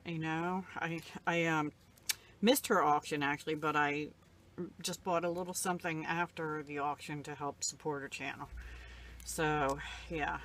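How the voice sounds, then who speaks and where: A woman, older, casually showing off craft supplies she got in the mail, rambling and gushing, emotional and close to tears at times. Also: low voice. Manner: rambling, soft-spoken, emotional, near tears. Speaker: crafting vlogger. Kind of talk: casual show-and-tell.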